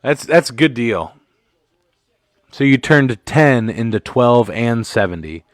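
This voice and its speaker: A man's voice: mid-range voice, slow, dry recording, studio quality. A man hosting a casual live sports commentary stream, joking and swearing as he rambles, a bit tipsy from drinks. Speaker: livestream host.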